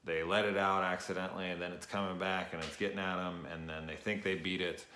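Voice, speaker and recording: A young man giving a rambling, casual late-night review, tired, swearing often and filling pauses with ums and uhs. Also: sits low, flat delivery, pushed and bright, a little hiss or hum. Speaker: show reviewer. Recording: echoey room.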